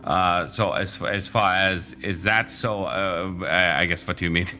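A man with a very low yet bright voice, chatting during a tabletop game. He stammers and restarts often. Faint music plays behind him. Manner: halting and stammering. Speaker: player. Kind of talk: casual game chat.

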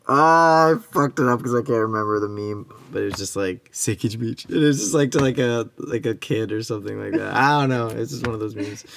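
A man's voice: mid-range voice, fairly quick, gravelly, few pauses, a bit bright. A young man, a musical guest, chatting casually and jokingly on a podcast, often laughing.

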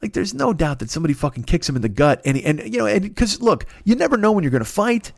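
A man's voice: high-pitched, very animated, fast, vocal fry, dry recording, studio quality. A middle-aged man from Illinois delivering a profane, rambling comic monologue full of hypothetical scenarios.

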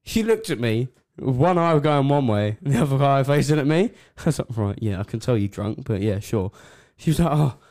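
A young man co-hosting a casual chat podcast, his pitch bouncing up and down as he talks. He laughs often and acts out the people in his stories. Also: normal speed, hardly any pauses. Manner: giggly, lively storyteller. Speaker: podcast co-host.

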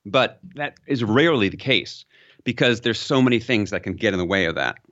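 A man's voice: lively intonation, fairly quick, fairly bright tone, lo-fi sound. A man being interviewed as a communication expert, explaining with examples and lifting his voice for emphasis. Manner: explanatory, uses examples, rises in pitch for emphasis. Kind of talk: interview conversation.

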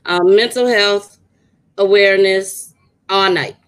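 A woman co-hosting a podcast, telling stories in a loud, animated way, swearing freely and laughing often. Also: mid-range voice, takes it slowly, smooth, poor audio. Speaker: podcast co-host. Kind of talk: casual chat and storytelling.

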